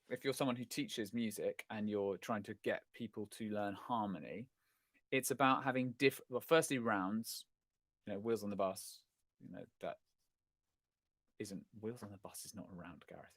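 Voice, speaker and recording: A man's voice: lowish voice, moderate pace, no echo. Chatty, rambling man, dry sound. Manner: chatty, rambling, self-correcting, self-deprecating. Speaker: host of a live chat stream. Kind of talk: casual chat answering viewer questions.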